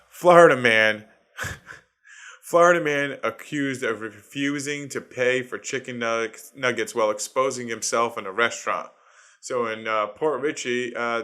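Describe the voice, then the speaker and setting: A man's voice: mid-range voice, sharp tone, smooth. A man in his thirties with a Boston accent, hosting his own comedy podcast in a profane, ranting solo monologue and laughing at his own jokes. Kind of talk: casual solo podcast rant.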